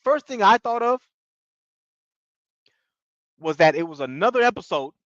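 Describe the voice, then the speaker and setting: A man's voice: high-pitched, very animated, measured pace, fairly bright tone, no room sound. A man casually recapping a reality show in slangy talk, laughing often. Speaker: TV show reviewer. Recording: dull lo-fi dry audio.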